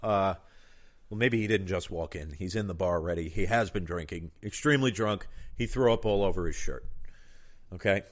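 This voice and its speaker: A man hosting a casual chat, telling crude jokes in an animated way and laughing at his own punchlines. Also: low voice, normal speed. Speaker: podcast host.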